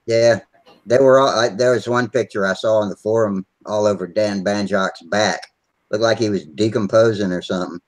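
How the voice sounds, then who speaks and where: A man's voice: on the low side, steady tone, normal speed, rough recording. A man chatting on a video call, telling rambling, salty stories and laughing easily. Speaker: regular on a hobby video hangout. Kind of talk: casual chat, swapping stories.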